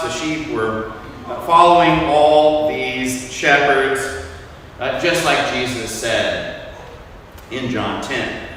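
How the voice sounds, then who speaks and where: A man preaching a sermon as a priest, telling a story in a relaxed, conversational way with frequent fillers. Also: fairly high pitch, slight background noise. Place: large church. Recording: echoey church hall, from far off.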